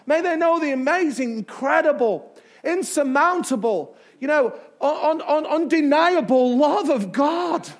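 A man preaching as a pastor in a church, emphatic, with dramatic pauses and repetition. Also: extremely high pitch, expressive. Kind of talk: sermon. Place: church sanctuary.

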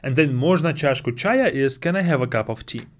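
A male teacher guides a spoken language lesson, his pitch swinging widely as he speaks. He patiently says each phrase slowly, repeats it, then breaks it down. He talks close into his own microphone. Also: lively intonation.

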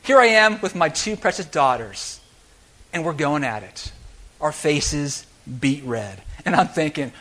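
A middle-aged pastor preaches in a church, his fairly high voice leaping up and down as he tells a story. He swings between loud exclamations and near-hushed confession. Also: lively intonation, measured pace. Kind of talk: sermon. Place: church sanctuary.

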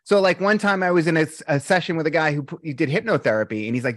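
Man, podcast guest, blunt, animated, slightly high voice, dry recording. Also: fast talker, hardly any pauses, dry recording. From Boston. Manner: animated storyteller, blunt, swears casually. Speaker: breathwork coach, guest. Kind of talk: casual interview chat.

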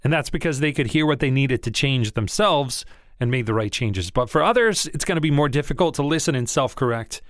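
A man's voice: medium pitch, lively intonation, a little fast, no echo, clean studio sound. A man who coaches voiceover, talking through practice tips in a conversational, encouraging way and stressing key words. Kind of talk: instructional talk to camera.

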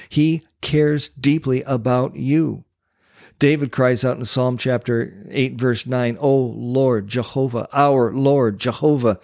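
A man in a Christian coaching ministry preaching a devotional sermon, pressing his listeners with repeated questions and reading Bible verses slower and lower. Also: a little mellow, no room sound, studio quality.

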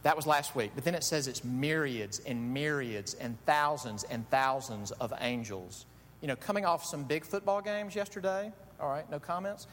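A middle-aged man preaching a sermon, telling stories with animated delivery that swings from quiet asides to loud shouts. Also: normal speed. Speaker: pastor. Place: church sanctuary. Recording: echoey hall with faint rumble.

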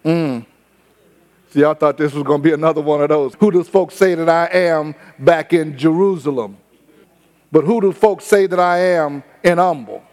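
A high-voiced man preaches a sermon, his talk folksy and conversational, slowing down to stretch his key words. His voice rings with a long reverb through a church sanctuary. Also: a little mellow. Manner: conversational preaching, drawn-out emphasis, folksy phrasing. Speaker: pastor.

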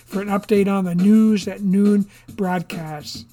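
A reader voicing a male television reporter asking pointed, measured questions. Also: medium pitch, steady tone, dark tone, soft background music, close to an everyday voice. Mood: probing.

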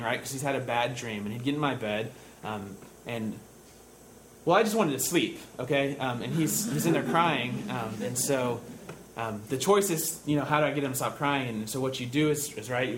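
A younger man preaching a sermon in a relaxed, conversational way, often dropping to a soft, hushed voice when he quotes comforting words. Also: medium pitch, slight background noise, rough recording. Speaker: pastor.

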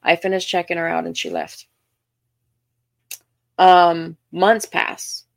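A young Southern woman talks through her podcast in a loose, self-deprecating way, tripping over her words and filling gaps with ums. Her voice sits a little low, with a gravelly fry running through it. The sound is close and dry, with no room around it. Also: little pitch movement, slow pace, dry recording. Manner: chatty, self-deprecating, frequent restarts and ums. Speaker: podcast host. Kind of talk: casual storytelling monologue.

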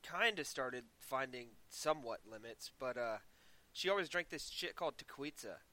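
A man's voice: mid-range voice, animated, normal speed, pushed and bright. A man chatting casually with his brothers, joking crudely and laughing at himself. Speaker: brother in the chat. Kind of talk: casual chat.

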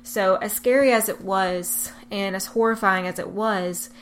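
A young woman telling, with deep emotion and earnest candor, the story of her twins' premature birth. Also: steady tone, a little slow, slight background noise. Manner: emotional, tearful at times, earnest. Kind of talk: personal testimony.

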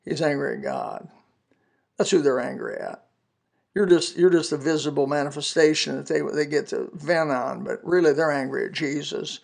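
An older man in his seventies gives a podcast testimony sermon with a raspy, gravelly edge. His voice sits a little high for a man, and he tells his story earnestly and folksily, quoting scripture along the way. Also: moderate pace, darkish tone. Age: 70s. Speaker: podcast preacher.

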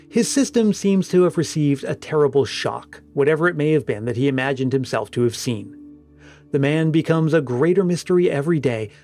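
Grave male storyteller with faint music. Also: a little high. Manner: steady, grave narration. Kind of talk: scripted ghost story reading.

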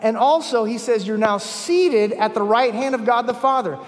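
A man's voice: very high-pitched, normal speed. A man preaching a sermon at a conference, emphatic, repeating key phrases and telling stories. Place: large conference hall. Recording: long hall reverb.

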